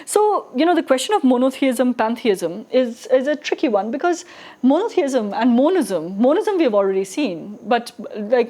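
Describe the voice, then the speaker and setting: A woman lecturing on philosophy in a loose, conversational way, often checking in with tag questions. Her voice sits a little high for a woman. She restarts phrases as she thinks aloud. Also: dark tone. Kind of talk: recorded lecture.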